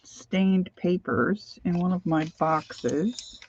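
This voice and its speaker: A woman's voice: on the low side, very slow, vocal fry, a little mellow, dull audio, a little hiss or hum. An older woman hosting a crafting livestream, chatting casually and greeting viewers by name as she works.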